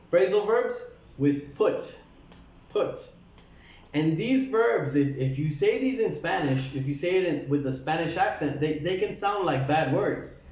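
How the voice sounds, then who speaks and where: Slow-drilling male English teacher, echoey. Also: high-pitched, a little mellow. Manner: slow, repeats words for drills. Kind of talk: English lesson for Spanish speakers. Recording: echoey, dull lo-fi room sound.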